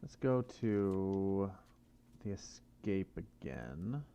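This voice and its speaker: A man's voice: low voice, very animated, drawn-out words, warm tone, clean tone. A man playing a mystery game, muttering and reasoning aloud to himself in casual commentary. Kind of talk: casual let's-play commentary.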